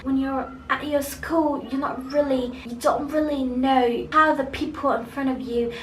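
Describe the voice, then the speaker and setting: A young woman who grew up speaking chats through a personal story in a high, light voice. She rambles casually with lots of fillers and restarts. The sound is roomy and echoey, with a faint hum of ambience behind her. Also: fairly even intonation, measured pace. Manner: chatty, many fillers and restarts. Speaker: vlogger.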